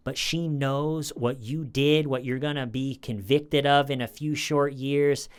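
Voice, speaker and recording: A man's voice: mid-range voice, clean tone. A man hosting a true crime commentary, talking casually and giving his opinions. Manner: conversational, opinionated, acts out quotes.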